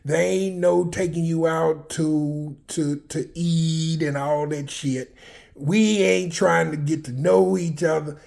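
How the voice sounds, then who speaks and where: A man's voice: on the high side, steady tone, takes it slowly, vocal fry, darkish tone. A man in his fifties telling personal prison stories in a blunt, profane, rambling way, full of fillers and restarts. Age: 50s. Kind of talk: candid personal storytelling.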